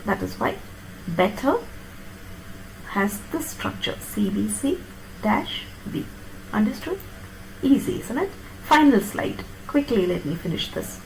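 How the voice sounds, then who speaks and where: A woman lecturing on phonetics, explaining step by step and checking that her students follow with quick tag questions. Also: fairly high pitch, very animated, slight background noise, rough recording. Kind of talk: classroom lecture on pronunciation.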